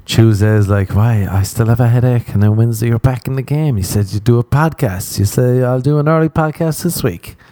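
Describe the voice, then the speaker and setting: A man's voice: mid-range voice, brisk, few pauses, dark tone, dry recording, studio quality. A man hosting a podcast, telling crude, rambling stories and acting out the quotes in a casual comic monologue. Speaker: podcast host.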